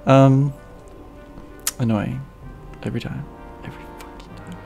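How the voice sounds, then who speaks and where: A woman's voice: extremely low pitch, steady tone, unhurried, vocal fry, music in the background. A woman streaming a video game, chatting casually with sarcastic asides. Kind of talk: casual gameplay commentary.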